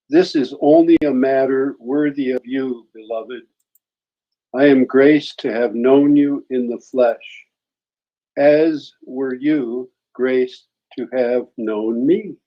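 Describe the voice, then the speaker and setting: A man joining an online English lesson as a guest, chatting casually and reading a poem in a slow, thoughtful way. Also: mid-range voice, dull audio. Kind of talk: casual chat, reading his own poem.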